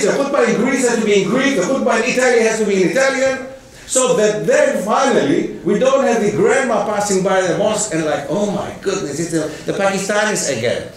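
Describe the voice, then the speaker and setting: Male guest lecturer, high voice, emphatic and questioning, echoey hall mic set back. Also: recorded from a distance. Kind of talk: public lecture.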